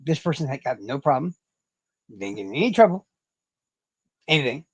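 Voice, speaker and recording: A man's voice: medium pitch, big pitch swings, normal speed, husky, no room sound. A man hosting a casual livestream chat, rambling and swearing freely, and mocking himself as he talks to his viewers. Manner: rambling, profane, self-mocking. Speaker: livestream host.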